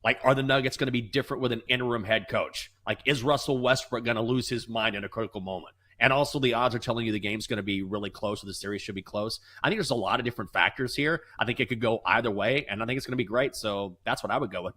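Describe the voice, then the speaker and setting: Male co-host, mid-pitched, animated storyteller who slips into voices. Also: quick pace. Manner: animated, acts out voices in anecdotes. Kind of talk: casual storytelling and sports betting chat.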